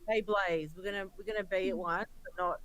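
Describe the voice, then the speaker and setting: A woman's voice: mid-range voice, steady tone, fairly quick, a bit bright, low-quality recording. Earnest woman hosting a livestream. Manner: earnest, supportive, emphatic. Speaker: livestream host. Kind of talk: casual livestream chat.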